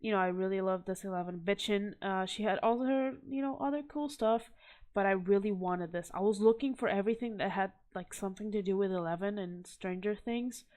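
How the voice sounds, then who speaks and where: A woman's voice: mid-range voice, a little fast, darkish tone. A young woman chatting casually to camera as she shows off art she collected, rambling and poking fun at herself. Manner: rambling, self-deprecating, chatty. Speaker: vlogger showing art.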